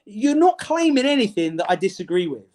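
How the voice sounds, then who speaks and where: A man's voice: high-pitched, big pitch swings, fairly quick, a little mellow. A slightly tipsy man, a guest on a casual livestream, joking in a wry, laid-back way.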